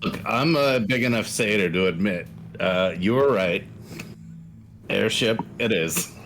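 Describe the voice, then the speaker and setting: A man's voice: lowish voice, unhurried, fairly bright tone, a little hiss or hum. A man playing a tabletop game, joking and crude in his banter. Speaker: player. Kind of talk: tabletop role-play.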